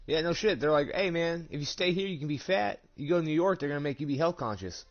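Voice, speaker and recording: A young man streaming a game from home, chatting casually and swearing a lot, laughing and working himself up into loud rants. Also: fairly high pitch, fast talker. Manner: animated and profane, laughing, rising to loud excited rants. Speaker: gaming streamer. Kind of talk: casual chat while streaming. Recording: dull lo-fi stream audio.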